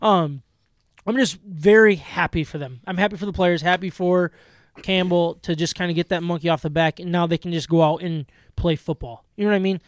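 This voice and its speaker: A man in his thirties co-hosting a casual sports podcast, telling stories excitably with quick restarts and laughs. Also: high-pitched, dry recording, clean studio sound. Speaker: podcast co-host.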